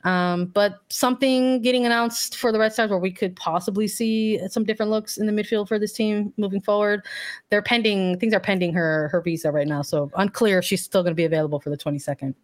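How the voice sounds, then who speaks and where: A woman's voice: mid-range voice, steady tone, a little fast. A woman co-hosting a sports podcast, chatting casually and upbeat with plenty of fillers. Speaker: podcast co-host.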